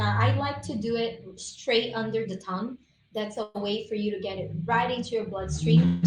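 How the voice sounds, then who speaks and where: On a live stream over a video call, a woman guest presenter gives an enthusiastic, chatty talk about essential oils. Her voice is medium-pitched and darkish, with slight background noise, a roomy echo, and faint room ambience.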